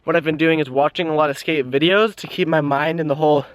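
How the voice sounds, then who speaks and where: A man's voice: fairly high pitch, steady tone, quick pace, dry recording. Breathless young man rambling on a trail. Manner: rambling, easily distracted. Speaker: vlogger. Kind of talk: casual walking vlog. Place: outdoor hiking trail. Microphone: handheld camera aimed at his face.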